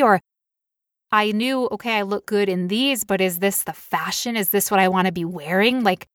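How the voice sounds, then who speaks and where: A woman's voice: mid-range voice, moderate pace, fairly bright tone, no echo, clean studio sound. Candid woman sharing her story. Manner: candid, confessional, fillers like "like". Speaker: podcast co-host. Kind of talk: personal storytelling in casual chat.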